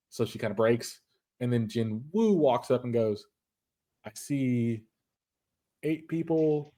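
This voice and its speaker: A man's voice: medium pitch, darkish tone. Rambling man recapping an episode. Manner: rambling retelling with many restarts. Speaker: podcast host.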